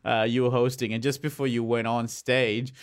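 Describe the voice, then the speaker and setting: A man's voice: mid-range voice, level tone, moderate pace, clear, resonant tone. A man co-hosting a podcast, teasing and asking lots of questions. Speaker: podcast co-host. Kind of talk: casual podcast banter.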